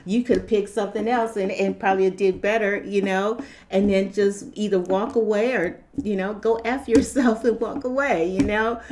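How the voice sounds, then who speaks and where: A woman giving a casual opinion monologue, animated, repeating herself and acting out quotes. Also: mid-range voice, normal speed, a little hiss or hum. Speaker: vlogger.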